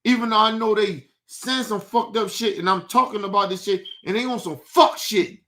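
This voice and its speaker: A man's voice: high voice, moderate pace, a bit bright. A young man on a livestream, ranting heatedly and profanely, repeating himself as he vents. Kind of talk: livestream rant.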